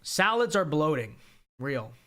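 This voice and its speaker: A man's voice: a little high, big pitch swings, a little slow, a bit bright. A young man from California hosting a casual livestream, reading viewer chat and answering it in an emphatic way, often tagging "okay?" onto his points.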